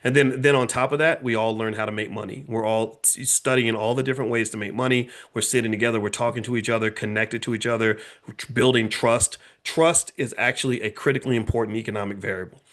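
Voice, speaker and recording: A man in the middle of the usual pitch range, delivering motivational commentary about money and family. He talks emphatically, repeats himself and tags his points with "right?". When he gets fired up his voice leaps much higher. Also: fast. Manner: emphatic, repetitive, frequent tag "right?"; animated, swinging up in pitch for emphasis. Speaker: commentator and channel host.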